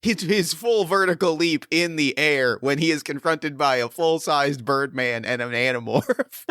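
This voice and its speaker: A man hosting a tabletop role-play podcast as game master, laughing often and talking in an excitable way. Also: fairly high pitch, a little slow, clean tone, dry recording, studio quality.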